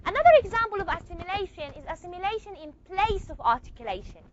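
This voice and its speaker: A woman teaching a phonetics lesson in class, asking questions and answering them herself, and stretching key words slowly. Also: very high voice, very animated, over a noisy crowd. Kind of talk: classroom lecture. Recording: dull lo-fi recording.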